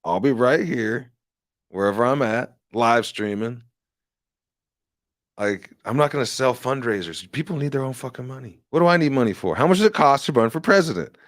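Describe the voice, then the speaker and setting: A man's voice: medium pitch, lively intonation, moderate pace, no room sound, clean studio sound. A man hosting a livestream, ranting in a rambling, profane and sarcastic casual way. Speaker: livestream host and candidate.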